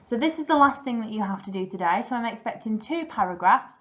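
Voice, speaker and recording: A woman teacher walking pupils through a writing task in a recorded lesson, speaking in a clear, patient, explanatory way. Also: fairly high pitch, animated, quick pace, a bit bright. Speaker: primary school teacher. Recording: slightly dull lo-fi recording.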